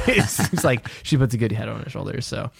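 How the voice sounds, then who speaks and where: A man's voice: mid-range voice, animated, normal speed, gravelly, fairly bright tone, breathy edge, no room sound. A young man co-hosting a casual film podcast, rambling with frequent restarts and jokes. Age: young adult. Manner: rambling, self-interrupting, joking. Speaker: podcast co-host.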